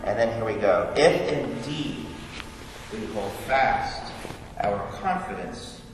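A man's voice: mid-range voice, lively intonation, takes it slowly, soft background music. A young adult man preaching a sermon in a church, with a conversational, teacherly manner that poses questions and answers them. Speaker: pastor. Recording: echoey hall from far off.

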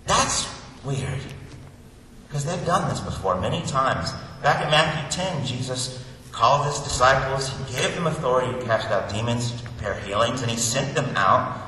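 A man preaching a sermon, telling the story in a lively, animated way and slipping into comic voices. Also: medium pitch, moderate pace, a little hiss or hum. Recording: echoey hall, distant mic, faint ambience.

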